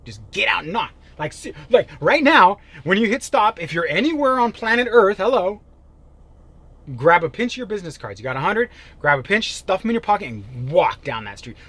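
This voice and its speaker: A man giving a motivational sales-coaching talk, emphatic and animated, jumping from loud bursts to quiet asides. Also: sits high, normal speed, breathy edge, no room sound. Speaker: real estate sales coach.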